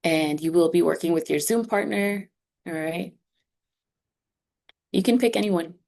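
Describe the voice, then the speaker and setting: A woman with a low voice talks a class through the course setup, step by step. She keeps it casual and upbeat, as if chatting with students on a video call. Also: measured pace, gravelly, a little mellow. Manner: conversational, upbeat, explaining step by step. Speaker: instructor voice for a sign language course. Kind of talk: online class walkthrough.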